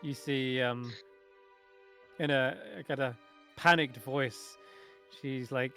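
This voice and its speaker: A man narrating as game master of a tabletop game, relaxed and hesitant with many fillers. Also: mid-range voice, slow pace, clear, resonant tone, faint music behind.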